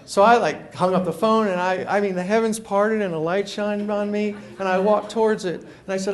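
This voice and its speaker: A man with a rather high voice tells a story to a live audience. He is animated and acts out the other people's lines. He often repeats words as he starts a sentence. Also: moderate pace, few pauses. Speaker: consumer columnist giving a talk. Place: meeting room before a live audience.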